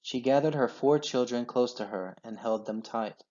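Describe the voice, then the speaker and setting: A man reading a children's storybook aloud in an expressive, measured way. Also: medium pitch. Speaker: children's book reader. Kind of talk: storybook read-aloud narration. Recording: dull lo-fi sound.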